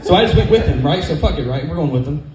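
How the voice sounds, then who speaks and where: A man's voice: a little high, animated, echoey room, background noise. A man from California doing a rambling, profane stand-up set at a comedy club open mic, speaking into a stage microphone. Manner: rapid, profane, rambling storytelling.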